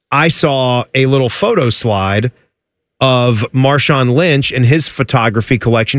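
A man's voice: no echo, clean studio sound. A man co-hosting a sports radio show in casual, joking chat. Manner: animated, jumps high in pitch when joking.

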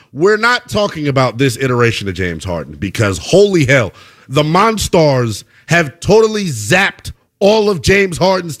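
A man hosting a post-game basketball show, giving emphatic, animated analysis and repeating points for effect. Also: on the high side. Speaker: sports show host.

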